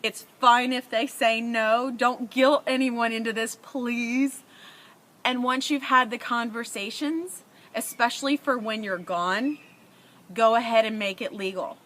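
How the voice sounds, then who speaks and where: Earnest bright-voiced woman vlogger. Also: a little high, fairly even intonation, a little slow. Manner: earnest, emotional, conversational. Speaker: parent vlogger. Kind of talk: heartfelt advice to camera.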